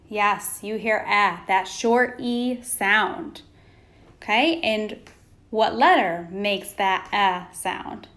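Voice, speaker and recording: Slow, patient woman teaching phonics. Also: mid-range voice, a bit bright. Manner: slow, patient, prompting pauses for answers. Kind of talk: phonics lesson for young children.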